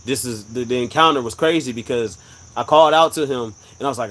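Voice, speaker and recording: A man's voice: medium pitch, brisk, a bit bright, slight background noise, low-quality recording. A man hosting a live stream, telling a personal story earnestly and repeating his points for emphasis. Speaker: livestream host sharing a religious testimony. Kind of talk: live-stream casual talk.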